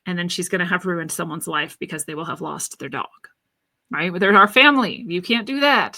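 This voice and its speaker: A woman's voice: lowish voice, creaky, pushed and bright. A woman podcast host telling a personal story in an earnest, reflective monologue about spirituality.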